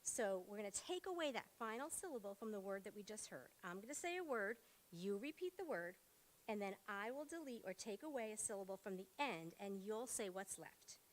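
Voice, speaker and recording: Here a woman teacher brightly coaxes her class through phonics in a school meeting room, using short prompts. Her mid-range voice is brisk and full of lively intonation.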